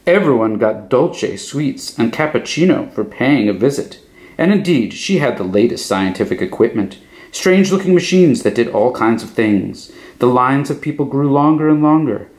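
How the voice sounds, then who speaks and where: A man reading a children's picture book aloud as a clown storyteller, in an expressive manner. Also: medium pitch, moderate pace. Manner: expressive, animated.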